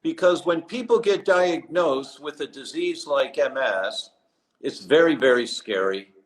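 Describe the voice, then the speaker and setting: A man's voice: fairly high pitch, unhurried, rough recording. A man guest in a live interview, telling stories animatedly and acting out the people he quotes. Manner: animated storytelling with quoted voices. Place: abroad, remote live session.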